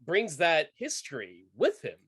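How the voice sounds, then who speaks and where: A man co-hosting a casual film podcast, animated and enthusiastic, full of fillers and restarts. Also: on the high side, a little slow. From United States. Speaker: podcast co-host.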